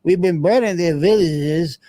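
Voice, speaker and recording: Profane commentary host, dark dry voice. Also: male voice, a little high, a little slow, no room sound. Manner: blunt, profane, digressive, with many restarts. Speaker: host reacting to clips. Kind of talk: casual commentary.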